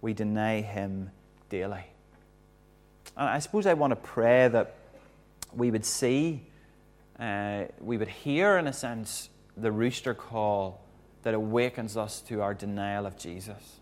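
A man delivers a sermon in an earnest, reflective manner, speaking unhurriedly in a fairly low voice. To drive a point home, he often drops into a soft hush.

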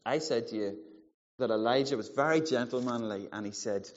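A man in his forties preaching a sermon, animated and playful, acting out the voices in the story. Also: mid-range voice, a little fast. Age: 40s. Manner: animated, playful, acts out quotes. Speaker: pastor. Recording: muffled sound in a large hall.

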